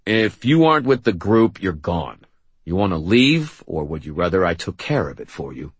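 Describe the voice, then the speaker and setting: A man voicing a gruff, bossy middle-aged mall security guard. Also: deep voice, big pitch swings, normal speed, no room sound, full character voice. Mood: stern.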